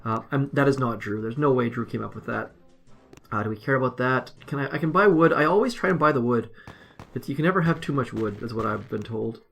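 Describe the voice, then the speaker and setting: A man's voice: mid-range voice, brisk, gravelly, a bit bright, soft background music. A man casually commenting as he plays a mobile strategy game, rambling and self-deprecating. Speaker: mobile game video host.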